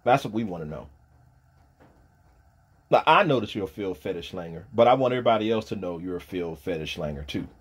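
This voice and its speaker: A man, ranting on a livestream, profane and taunting, dropping from low mutters to loud shouting. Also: animated, fairly quick, pauses often, breathy edge. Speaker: streamer pastor.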